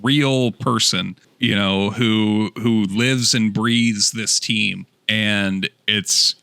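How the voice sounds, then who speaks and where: Man, casual podcast chat, eager, dry close sound, lowish voice. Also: flat delivery, very slow, bright, forceful tone, clear, resonant tone, no echo. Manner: enthusiastic, rambling with fillers. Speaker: podcast guest.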